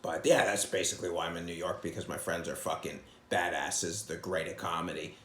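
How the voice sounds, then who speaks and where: A man who is a comedian hosting his own podcast, ranting bluntly and profanely, jumping from loud outbursts to low mutters. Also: fairly even intonation, fairly quick, a little hiss or hum. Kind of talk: casual monologue rant. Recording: echoey room sound.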